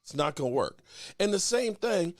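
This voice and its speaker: A man's voice: sits high, big pitch swings, moderate pace, no echo, studio quality. A man hosting a casual sports talk live stream. He rambles, stammers and restarts often, and greets chat viewers by name. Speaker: sports talk show host.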